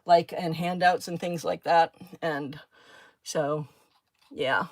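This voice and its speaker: A woman's voice: deep voice, fairly even intonation, takes it slowly, a little mellow, no echo. A woman hosting a craft live stream from home, chatting casually with viewers by name and drifting from one thought to another. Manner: rambling, easily sidetracked, talks to viewers by name.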